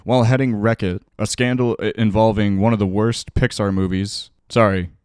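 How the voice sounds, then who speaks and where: Sarcastic low-voiced male streamer. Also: steady tone, normal speed, darkish tone, smooth, dry recording, studio quality. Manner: sarcastic, profane, reading articles aloud with asides. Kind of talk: casual reaction commentary.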